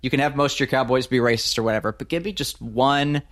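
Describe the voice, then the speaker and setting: A man's voice: mid-range voice, fairly even intonation, fast talker, fairly bright tone. A man in casual chat about a movie, rambling with many restarts and casual swearing. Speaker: podcast co-host. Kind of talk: casual film discussion.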